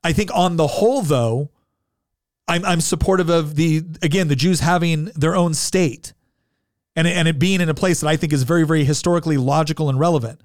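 A man's voice: fairly high pitch, a little fast, dry recording. A man with a somewhat raised voice argues his points in casual political commentary, pressing hard and stumbling over restarts. The sound is close and dry. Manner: emphatic, exasperated, with frequent restarts. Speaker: co-host.

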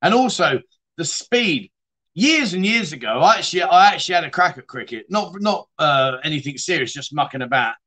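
Middle-aged male host, bright forceful voice, a touch high, rambling chatty livestream banter. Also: animated, fairly quick. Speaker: livestream chat show host. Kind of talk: casual livestream chat reading viewer comments.

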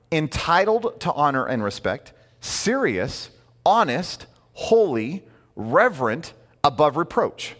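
A man preaching a sermon in a conversational, animated way, full of asides and rhetorical questions. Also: a little high, big-room sound. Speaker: pastor.

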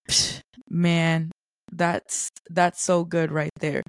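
A woman's voice: fairly low pitch, little pitch movement, extremely slow, no echo. A woman hosting a faith podcast, reading scripture aloud and explaining it in an earnest, conversational way. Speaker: podcast host.

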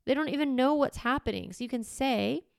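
Give me a woman parenting coach with a slightly creaky voice, talking lively and casual, recorded dry. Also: high-pitched, a little fast, no echo. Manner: lively, conversational, repeats steps for emphasis. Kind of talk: podcast coaching talk.

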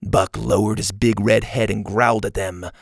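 A man narrating a children's storybook in a lively, expressive way. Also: lowish voice, moderate pace, vocal fry, no echo, studio quality. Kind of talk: storybook read-aloud narration.

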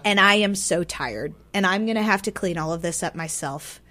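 A woman telling a personal story as a radio guest, swinging between loud and hushed, often repeating words for emphasis. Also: fairly low pitch, normal speed. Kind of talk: personal story told aloud. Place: radio studio.

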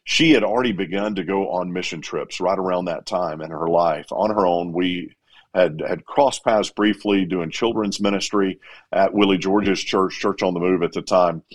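A middle-aged evangelist being interviewed, spinning a long personal story. His voice sits somewhat low, and he tells it with animated energy. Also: moderate pace. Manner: animated, acts out quotes.

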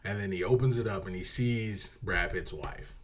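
A man's voice: low voice, normal speed, breathy edge. A man co-hosting a podcast in casual chat, rambling through a movie plot and acting out quotes. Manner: rambling, laughs often, acts out quotes in a dropped voice. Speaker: podcast co-host.

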